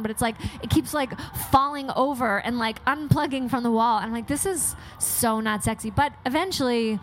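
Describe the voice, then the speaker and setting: A woman co-hosting a podcast, telling candid stories in an animated, frank way with plenty of swearing. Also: on the high side, a little fast, hardly any pauses, slight background noise. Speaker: podcast co-host. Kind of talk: candid casual chat.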